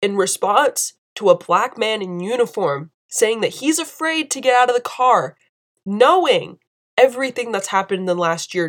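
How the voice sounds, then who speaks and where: A young American woman with a mid-range voice delivers impassioned video commentary, emphatic and indignant, repeating phrases for force.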